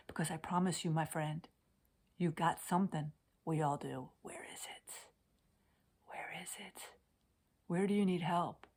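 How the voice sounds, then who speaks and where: A Swedish death cleaning coach speaks heartfelt words straight into her computer's webcam, her voice sitting on the lower side. The tone is intimate, dropping to whispers before swelling into loud, passionate declarations.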